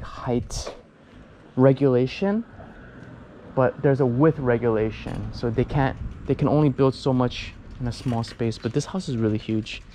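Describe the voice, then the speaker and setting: A man's voice: mid-range voice, mellow, slight background noise. Rambling man vlogging from a bicycle. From United States. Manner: rambling, many fillers and restarts. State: out of breath. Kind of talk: casual chat while cycling. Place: outdoors on city streets, riding a bicycle.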